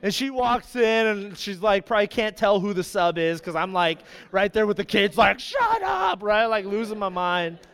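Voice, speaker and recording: A young man preaching a sermon, telling a personal story in an animated way with many asides. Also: high voice, moderate pace, hardly any pauses, smooth, in a large hall.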